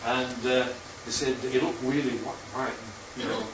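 Using slides, a Bible study teacher leads an informal class and checks in with his listeners often, in a chatty way. His medium-pitched voice is steady and moderately paced, recorded roomy, distant and muffled in a hall with background noise.

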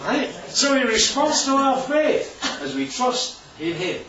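A man with a very high-pitched voice and big pitch swings speaks slowly, preaching informally to a congregation in a church hall with slides and often asking "right?" and "isn't that lovely?". Crowd noise is audible in the roomy, distant and dull recording.

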